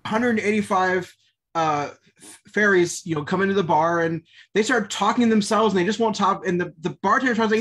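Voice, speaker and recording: A man playing an improv joke game on a video call, telling bar jokes in a halting, restarting way. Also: high-pitched, a bit bright. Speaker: improv player.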